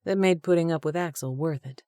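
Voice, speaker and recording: A woman narrating a romance audiobook in a steady storytelling manner. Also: low-pitched, brisk, dry recording, clean studio sound. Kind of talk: scripted narration.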